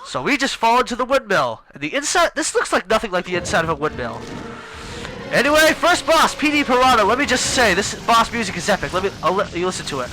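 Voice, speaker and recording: High, lively young gamer guy. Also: fast, few pauses, low-quality recording. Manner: chatty, rambling, excitable. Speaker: let's play gamer. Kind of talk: casual gameplay commentary.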